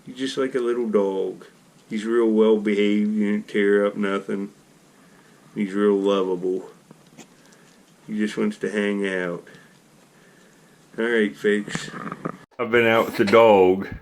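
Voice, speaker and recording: A man's voice: on the low side, level tone, takes it slowly, creaky, pauses often, darkish tone. A man, vlogging casually and talking baby talk to his pet squirrel. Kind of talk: casual vlog chat.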